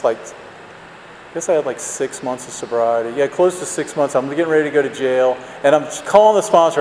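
A man's voice: medium pitch, darkish tone, a little hiss or hum. A man telling his recovery story as a personal testimony, rambling and self-mocking with lots of fillers. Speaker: speaker sharing recovery story. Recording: roomy hall with long reverb.

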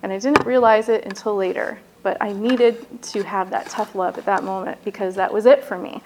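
A woman telling her own recovery story in a candid personal testimony, halting and peppered with "like" and "you know". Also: medium pitch, fairly even intonation, noisy background.

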